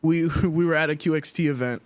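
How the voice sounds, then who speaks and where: A young man hosting a podcast in casual chat, an animated, excitable storyteller who laughs often. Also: a little high, fairly quick, dry recording. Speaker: podcast host.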